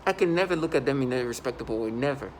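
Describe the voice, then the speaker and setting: A man's voice: mid-range voice, lively intonation, rapid-fire, a little hiss or hum. A man talking to his camera in an agitated, indignant monologue, stopping and restarting often. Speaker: vlogger.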